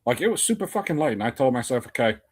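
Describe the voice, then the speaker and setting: A man's voice: medium pitch, very animated, very fast, slightly rough. A man co-hosting a casual podcast, blunt and sarcastic, swearing as he complains. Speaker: podcast co-host. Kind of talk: casual review chat.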